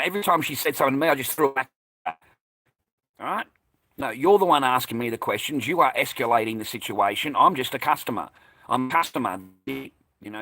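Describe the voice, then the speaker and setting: Australian man, casual monologue, profane, agitated, mid-pitched voice, dry close sound. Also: pushed and bright, dry recording. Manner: profane, agitated, combative storytelling. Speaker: vlogger recounting a personal incident.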